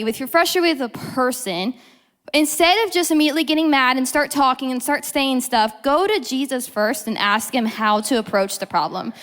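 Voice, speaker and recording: A young woman with a fairly high voice gives a casual devotional talk, chatty and full of fillers. She often slips into acting out the quotes she tells. Her voice carries a long reverb, as if she is in a large hall. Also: a bit bright. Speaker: program teacher giving a devotional talk.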